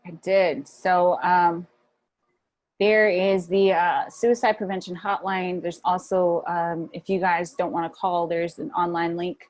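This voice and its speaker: A woman with a lowish voice talks over a video call, relaxed and encouraging. She leans on fillers as she goes. The sound is dry and close. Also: measured pace, no echo. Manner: encouraging, loose, many fillers. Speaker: guest speaker on mental health. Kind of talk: casual video call talk.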